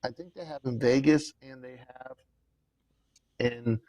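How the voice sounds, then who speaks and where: A man's voice: medium pitch, a little slow, no room sound, poor audio. A middle-aged man from Brooklyn, chatting casually as a comedian guest and telling stories animatedly. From Brooklyn, New York. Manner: animated storyteller, acts out quotes. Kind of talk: casual chat. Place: home, remote call.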